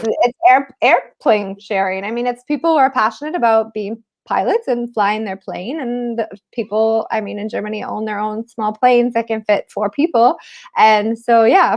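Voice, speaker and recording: A woman from Canada, a guest on a livestream, talking casually with a mixed North American accent, laughing often and saying "like" a lot. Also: fairly high pitch. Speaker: guest, expat blogger.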